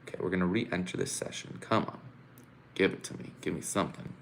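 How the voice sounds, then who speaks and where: A man's voice: low-pitched, fairly quick, vocal fry, a bit bright, slight background noise. A man hosting a casual live stream from home, chatting with viewers and venting his frustration in an exclamatory way. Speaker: live-stream host reacting to a contest. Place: home room.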